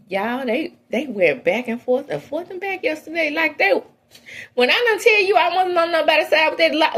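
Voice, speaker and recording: On an entertainment gossip show, a female host shares her opinions in loose, outspoken commentary, dropping to low asides and rising to high exclamations. Her voice is a bit bright.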